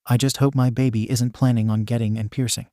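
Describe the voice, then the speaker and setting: A man's voice: mid-range voice, flat delivery, fairly quick, mellow, no room sound, studio quality, close to an everyday voice. A man voicing a fussing, worried middle-aged mother in a fan fiction reading, firing off flustered questions.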